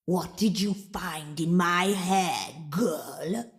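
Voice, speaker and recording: A woman storyteller voicing a menacing, hulking old female ogress who drawls her threats slowly and growls. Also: lowish voice. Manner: slow, drawn-out, growling threats. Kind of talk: storybook character voice.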